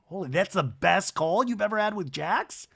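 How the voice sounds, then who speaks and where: Chatty male podcast host, slightly high voice, casual rambling recap delivery. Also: moderate pace, gravelly, husky. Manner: chatty and animated, lots of "like" and asides. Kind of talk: casual reality-show recap.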